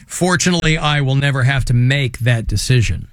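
Wry radio host with a dry studio sound. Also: male voice, mid-range voice, a little fast, no echo. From Manchester, England. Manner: wry, joking, hammy. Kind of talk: casual radio banter.

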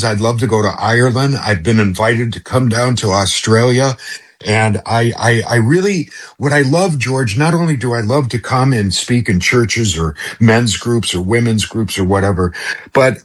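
A man's voice: mid-range voice, husky. A middle-aged man guesting on a talk radio show, effusive and rambling, often restarting his sentences. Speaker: radio guest, former radio host.

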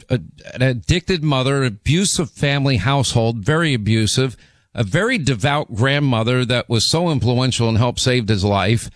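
Hoarse 60s guy doing talk radio, rambly and emphatic, dry close studio mic. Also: mid-range voice, no room sound. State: hoarse with laryngitis. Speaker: radio talk show host. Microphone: studio microphone.

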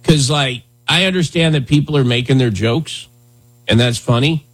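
A male radio talk show host chats casually, rambling along with lots of fillers. His mid-range voice has a breathy edge and moves at normal speed.

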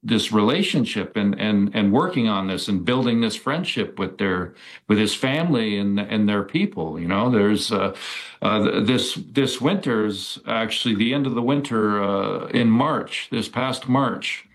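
Male guest, lower pitch, halting delivery with frequent fillers, casual storytelling. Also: animated. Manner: hesitant, many fillers and restarts. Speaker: guest describing encounters. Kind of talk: casual interview talk.

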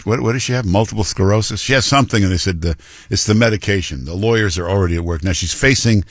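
Blunt low-voiced talk radio host. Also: male voice, fairly bright tone, no echo, clean studio sound. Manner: blunt, mocking, many fillers.

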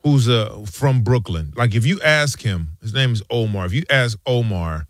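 Animated storytelling man, dry sound. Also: moderate pace, hardly any pauses, no room sound. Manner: animated storytelling, lively swings in pitch. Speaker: sports talk co-host. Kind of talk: casual sports chat.

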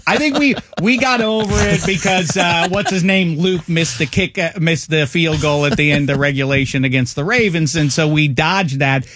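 A man's voice: on the high side, normal speed, hardly any pauses, noisy background. A man guesting on a sports talk show over a headset, joking in grand, playful phrasing in casual chat.

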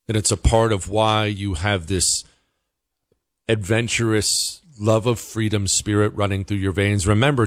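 Low-voiced man hosting a commentary show. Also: dry recording. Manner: chatty and emphatic, with stammered restarts. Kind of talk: casual commentary.

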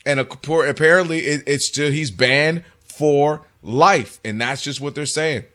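A man co-hosting a casual sports talk show, recounting stories in a conversational, animated way. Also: fairly high pitch, slow pace. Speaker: co-host.

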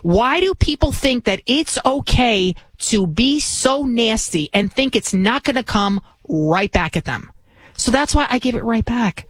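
A woman's voice: a little high, expressive, measured pace, no room sound, poor audio. A woman in her forties hosting talk radio, telling a story in an indignant, ranting way. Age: 40s. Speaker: radio talk show host.

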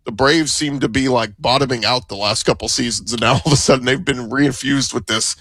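A man's voice: mid-range voice, a little fast, a bit bright, no room sound, clean studio sound. A man co-hosting a morning sports talk radio show, speaking in a casual, wry, joking way.

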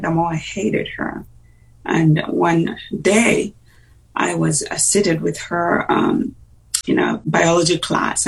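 Gravelly-voiced woman telling her story. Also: fairly low pitch. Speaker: interview guest. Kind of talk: personal testimony on a radio interview. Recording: voice distant from the mic.

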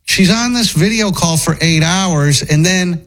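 A male talk-show host with a somewhat high voice tells stories in a mocking, incredulous way. He banters loosely with his co-hosts. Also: a little slow, fairly bright tone, low-quality recording.

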